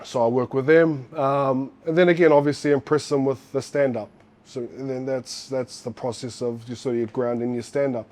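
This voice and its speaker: Swearing New Zealand ex-fighter telling stories. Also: male voice, mid-range voice, normal speed. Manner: animated, swears often, acts out quotes. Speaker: guest, former fighter. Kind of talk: casual storytelling.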